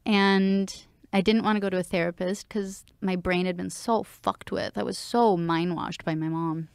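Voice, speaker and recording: A woman's voice: mid-range voice, fairly even intonation, a little slow, gravelly, smooth, no echo, clean studio sound. A woman, a singer-songwriter and interview guest, talking frankly and reflectively with casual swearing and frequent laughs. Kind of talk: candid emotional interview.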